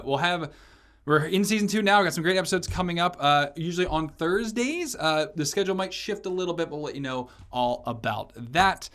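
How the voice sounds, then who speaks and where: Fairly high-voiced man hosting a podcast. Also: a bit bright. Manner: rambling with many fillers and restarts. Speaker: podcast host. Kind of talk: casual podcast interview.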